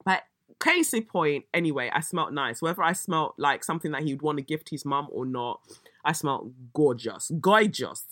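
A woman, hosting a casual solo podcast, a little croaky, telling stories with swearing and dramatic outbursts. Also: low voice, brisk, no room sound, studio quality. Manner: animated storytelling, swearing, bursts of exaggerated shrieking. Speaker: podcast host.

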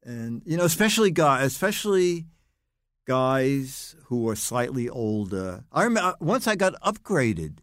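An older man, a guest in casual chat, telling lively anecdotes. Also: medium pitch, moderate pace, no room sound, studio quality. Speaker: guest, comedy writer.

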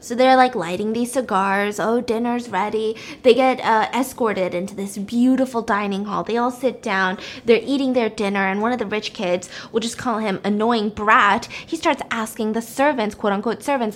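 A woman's voice: on the high side, normal speed, hardly any pauses. A young woman hosting a casual chat, animatedly retelling a story while baking. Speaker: host.

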